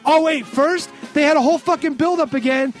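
High-voiced man ranting sarcastically. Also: fairly quick, faint music behind. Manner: ranting, sarcastic, heavy swearing. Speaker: podcast co-host recapping wrestling. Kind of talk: casual profane recap.

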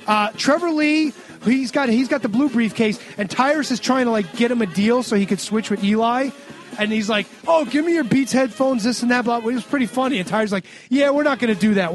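A man recapping a wrestling show on a podcast in a sarcastic, ranting way with lots of swearing. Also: sits high. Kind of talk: casual profane recap.

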